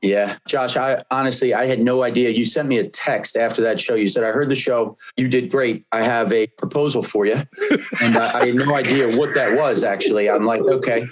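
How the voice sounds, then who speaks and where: A man co-hosting a podcast, telling stories in an energetic, plain-spoken casual way. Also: medium pitch, a little fast. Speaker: podcast co-host. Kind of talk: casual podcast chat, storytelling.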